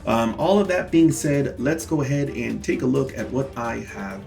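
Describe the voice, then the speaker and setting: Speaking straight to his viewers as "guys," a self-represented litigant hosting his own vlog walks through his court filings in a casual yet indignant, emphatic way, repeating key words for stress. His medium-pitched voice is animated, gravelly and darkish at a moderate pace, with soft music behind him.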